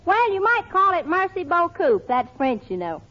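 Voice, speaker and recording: A woman's voice: very high voice, sing-song, normal speed, fairly bright tone, exaggerated voice. A woman playing a cheerful, naive country girl in a 1940s radio comedy, talking in folksy rural slang and giggling. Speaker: show star. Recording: muffled old radio broadcast, studio audience.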